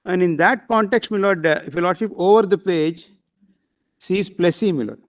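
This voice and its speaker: A man argues before a court bench, reading out passages in a formal, deferential cadence. He repeats "my lord" constantly and stumbles through fillers. His voice sits high for a man. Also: normal speed. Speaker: advocate arguing before a bench. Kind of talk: courtroom argument.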